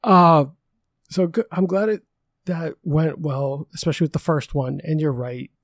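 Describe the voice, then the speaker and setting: A man's voice: fairly high pitch, normal speed, mellow, dry recording, clean studio sound. A man hosting a casual podcast, upbeat and encouraging, laughing often. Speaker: podcast host.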